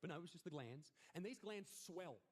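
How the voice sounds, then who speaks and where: A young Australian man performing a stand-up comedy routine in a crude, mock-earnest way, his voice jumping high on the punchlines. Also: animated, fairly quick. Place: comedy stage.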